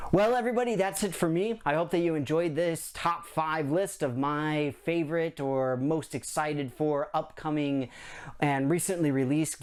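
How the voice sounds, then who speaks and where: A man's voice: on the high side, darkish tone, smooth. A middle-aged man hosting a board game channel, chatting through a countdown list in an enthusiastic, rambling way. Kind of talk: casual countdown chat to camera.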